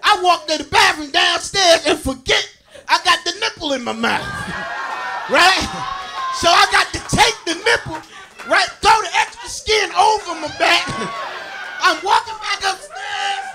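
A man with a Brooklyn, New York accent doing a stand-up comedy set, telling stories loudly and laughing along as he works the crowd on stage. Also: extremely high pitch, very animated, unhurried, pauses often. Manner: loud, laughing, crowd-working storytelling. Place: comedy stage before a live audience. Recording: faint crowd noise in the room.

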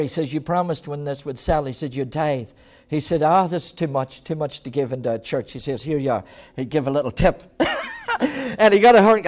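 A man preaching a sermon as pastor, telling stories with sudden swings from quiet to loud and frequent laughs. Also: a little high. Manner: storytelling preacher with dramatic swings in loudness, laughs often.

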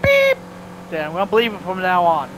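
A man giving casual gameplay commentary, swearing and trash-talking other players, with sudden loud outbursts. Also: sits high, fast talker. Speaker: gamer. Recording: clear game noise behind voice.

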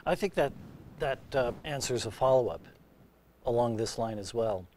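A man moderating a livestream conversation, speaking in a measured way and reading out viewer questions. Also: mid-range voice, lively intonation, darkish tone, a little hiss or hum. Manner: measured, reads viewer questions, brief assents. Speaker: college administrator and moderator.

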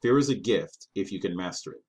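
A man's voice: low voice, lively intonation, a little fast, darkish tone, slightly rough. A man voicing a wounded male warrior who speaks in a dry, resigned, world-weary way.

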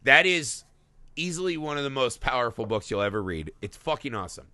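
A man co-hosting a film podcast, talking casually and profanely, slipping into quick character voices. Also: medium pitch, very animated, sharp tone, dry recording. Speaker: podcast co-host.

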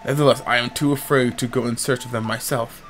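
A man's voice: medium pitch, fairly even intonation, fast talker, fairly bright tone, faint music behind, close to an everyday voice. A man voicing a worried old village elder in a video game, speaking in a hesitant, uneasy way.

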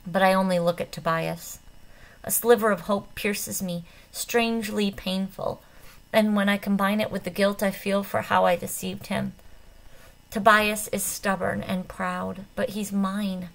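A woman reading a novel aloud in the first person, with an expressive, dramatic delivery. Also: mid-range voice, measured pace, vocal fry, rough recording. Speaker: audiobook reader. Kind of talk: first-person audiobook narration.

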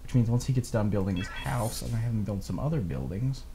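Giggly man narrating gameplay, lively pitch. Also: quick pace, music in the background. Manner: giggly, laughs often, animated storytelling. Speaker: gameplay commentator. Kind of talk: casual let's-play chat.

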